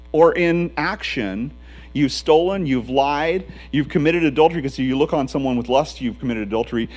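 A man's voice: a little high, a little mellow. A man preaching a conversational radio sermon, earnest and full of restarts. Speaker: teaching pastor.

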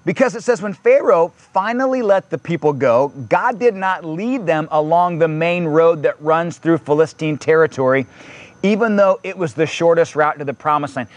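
A man's voice: a little high, moderate pace, no room sound. A man preaching a sermon in a conversational way, reading scripture aloud and adding casual asides. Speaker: pastor.

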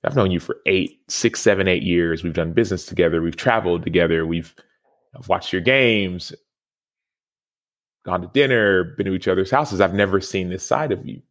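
Earnest man with a very low voice. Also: normal speed. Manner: earnest, reflective storytelling. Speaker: podcast guest, former football player. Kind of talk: storytelling interview answer.

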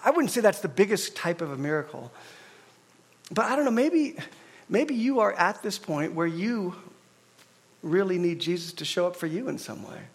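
Man, pastor, middle-aged, high voice, conversational sermon, animated storytelling. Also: moderate pace, long pauses, slightly rough.

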